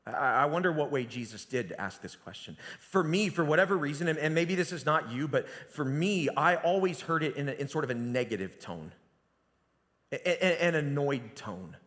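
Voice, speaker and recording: Man, pastor, sermon, conversational storytelling, slightly high voice, long church reverb. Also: lively intonation, moderate pace. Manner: conversational storytelling with sudden drops to a hushed voice. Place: church sanctuary.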